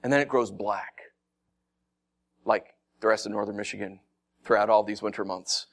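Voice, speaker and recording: A man preaching a sermon as pastor, animated and fond of acting out mocking voices, with frequent laughs. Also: fairly low pitch, normal speed, creaky.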